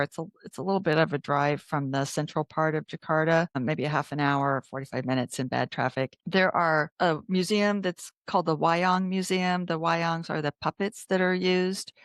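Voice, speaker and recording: A woman talks in a loose, chatty interview way. Her voice is smooth and resonant, and the sound is dry and close. She restarts words and fills pauses as she goes. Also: sits low, steady tone, no room sound. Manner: chatty, restarts words often, many fillers. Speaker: travel author guest. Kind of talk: casual interview chat.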